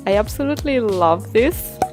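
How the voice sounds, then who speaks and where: An Italian woman talks through a homemade slime tutorial in a relaxed, chatty way. Her accent is plain, and she often laughs softly between steps. Quiet background music plays under her voice. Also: medium pitch, normal speed. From Italy. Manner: chatty, giggly, explains step by step. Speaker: slime-making vlogger. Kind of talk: casual tutorial narration.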